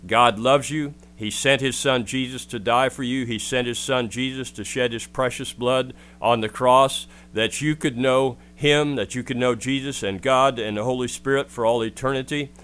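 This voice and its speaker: A man's voice: medium pitch, steady tone, normal speed, few pauses, fairly bright tone, clean tone. A man preaching a radio sermon, earnestly urging listeners and reading scripture.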